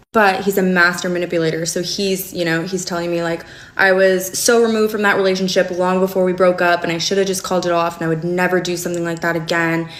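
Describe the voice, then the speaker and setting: A young woman telling a long personal story to camera in a casual, animated storytime vlog, full of fillers and asides. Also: fairly low pitch, roomy sound. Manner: animated, chatty, frequent fillers. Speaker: storyteller recounting a relationship.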